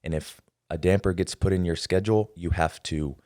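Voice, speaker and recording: A man hosting a podcast interview, talking in a relaxed, measured way. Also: low voice, no echo, clean studio sound. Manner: relaxed, measured, many fillers. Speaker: podcast host. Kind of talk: casual interview chat.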